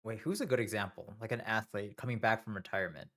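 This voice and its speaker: A man's voice: lowish voice, fast talker, fairly bright tone. A young man streaming live, talking casually to himself and his viewers in a nervous, rambling, self-mocking way.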